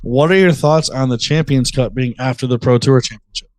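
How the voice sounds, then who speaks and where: A man co-hosting a sports podcast in casual chat, relaxed and fond of sports analogies. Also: medium pitch, fairly quick, no echo. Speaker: podcast co-host.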